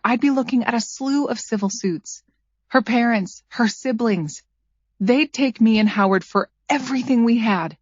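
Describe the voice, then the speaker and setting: A woman narrating a first-person psychological thriller audiobook in a measured, tense storytelling voice. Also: fairly high pitch, no echo. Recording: dry, slightly dull studio read.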